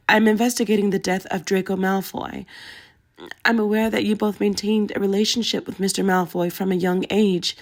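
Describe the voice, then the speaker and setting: A woman's voice: mid-range voice, gravelly, natural voice. A woman voicing a nervous young female investigator who speaks formally but stumbles over her words. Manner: hesitant, stammering, formal.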